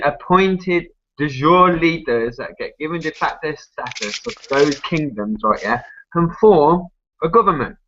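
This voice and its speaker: A man's voice: medium pitch, a bit bright, muffled recording. A man, arguing at length in a casual group discussion, full of tag questions, restarts and swearing. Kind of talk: rambling casual argument.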